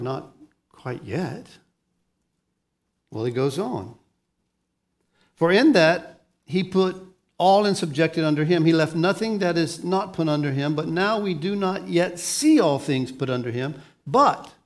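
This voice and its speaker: A male pastor delivers a sermon in a fairly high voice. He drops to a hush for solemn lines and rises to emphatic bursts, often repeating a word as he gets a thought going. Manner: animated preaching, swings from hushed to emphatic; repeats words when starting a thought.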